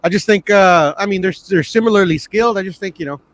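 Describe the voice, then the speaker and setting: A low-key man answers briefly in a casual chat. His slightly raised voice drifts off at the end of his thoughts. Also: fast talker.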